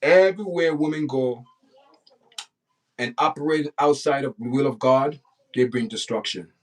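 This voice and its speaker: A man's voice: medium pitch, normal speed, far from the mic. A man hosting a livestream, giving indignant, preachy commentary and repeating himself for emphasis. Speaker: livestream host.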